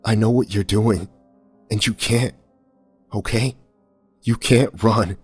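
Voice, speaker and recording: A man's voice: low voice, level tone, a little slow, darkish tone, husky, no echo, faint music behind. A man voicing a frightened, bitter young man who speaks harshly and rawly. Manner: harsh and raw, hissing.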